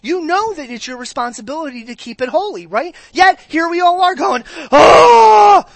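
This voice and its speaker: A woman's voice: high voice, expressive, a little fast, a bit bright, no room sound. A woman preaching a sermon in a conversational way, often checking in with the congregation. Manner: conversational, keeps checking in with the audience.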